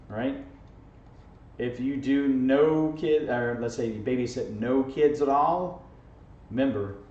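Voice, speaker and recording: A man's voice: medium pitch, a little mellow. Man teaching math in an echoey room. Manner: jokey, playful, full of "okay?" and "right?". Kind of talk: informal video math lesson. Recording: echoey, distant, dull camera audio with faint hiss.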